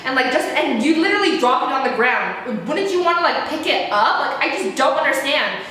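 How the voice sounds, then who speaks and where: A young adult woman telling a story in a casual, fast, frantic rant, repeating herself and swearing. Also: high voice, sing-song, pushed and bright. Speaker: vlogger. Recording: very echoey room.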